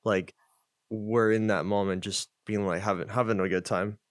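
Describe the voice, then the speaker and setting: A man's voice: fairly low pitch, steady tone, normal speed, no echo, studio quality. Chatty man hosting a casual podcast. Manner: enthusiastic reactions and loose chatty asides. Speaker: podcast host.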